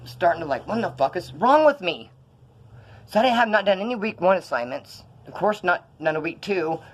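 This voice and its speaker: A young man telling stories in a rambling, profane way while feeling ill, filming himself in a room. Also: high voice. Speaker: vlogger. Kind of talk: casual rambling vlog.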